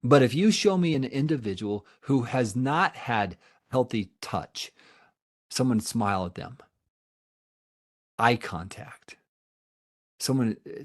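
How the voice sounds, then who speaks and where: A therapist in middle age speaks with a medium-pitched voice while delivering an earnest webinar, answering questions from attendees and repeating himself for emphasis.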